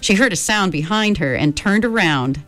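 A woman reading a story aloud in a calm, measured narrating voice. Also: mid-range voice, soft background music. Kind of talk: audiobook narration.

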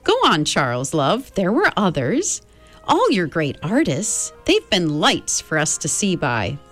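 A gentle, grandmotherly being, read by a woman, soothing the children with endearments. Her lively but low voice carries a calm, firm kindness in this storybook telling. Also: a little slow, soft background music, heavily acted. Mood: comforting. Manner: soothing, endearing, calls listeners dear. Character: kindly old female being, comforting, grandmotherly.

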